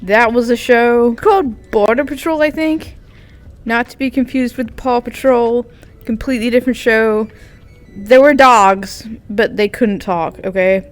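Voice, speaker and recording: A woman from England rambling through a casual vlog, giggling often and drifting off on tangents. Her voice sits a little high and sounds smooth and clear. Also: unhurried, soft background music. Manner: giggly, tangent-prone, lots of fillers. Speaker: VTuber vlogger.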